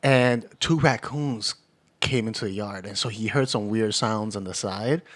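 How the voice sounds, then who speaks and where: A man's voice: lowish voice, a little slow, fairly bright tone. A man co-hosting a podcast, telling a friend's story in casual chat with fillers and laughs. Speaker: podcast co-host.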